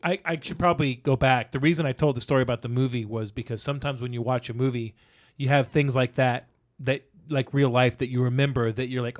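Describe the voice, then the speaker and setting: A man co-hosting a casual movie review chat, telling lively stories and swearing freely. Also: medium pitch, fast. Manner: animated storyteller, swears freely.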